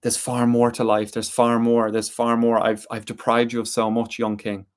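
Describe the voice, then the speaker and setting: A man's voice: medium pitch, completely flat delivery, normal speed, clean tone, natural voice. Man doing an earnest stammering druid. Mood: pleading. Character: proud old male druid, clever and earnest.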